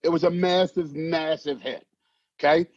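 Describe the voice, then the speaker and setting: Casting: husky, higher-pitched New man, brash animated raconteur, dry dull recording. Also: normal speed, no echo. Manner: animated, swearing, acts out voices in anecdotes. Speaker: actor guest. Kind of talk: casual storytelling interview. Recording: dull muffled sound, dry.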